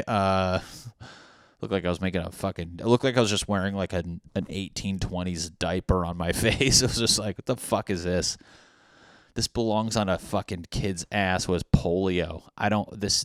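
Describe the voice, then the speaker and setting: A young man with a very low voice rants his way through a solo podcast, swearing freely and poking fun at himself as he rambles, stopping now and then for a wet cough. The sound is close and dry, with no room around it. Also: smooth, no room sound. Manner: crude, profane, self-mocking, rambling. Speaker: podcast host. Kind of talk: solo comedic podcast rant.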